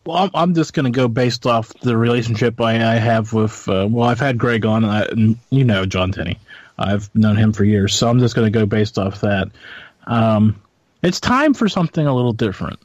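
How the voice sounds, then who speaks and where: A man's voice: fairly low pitch, expressive, normal speed, no echo, lo-fi sound. A man speaking as a guest on a radio roundtable, thoughtful and hesitant, often restarting his sentences. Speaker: fellow radio host, panel guest. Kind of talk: roundtable discussion.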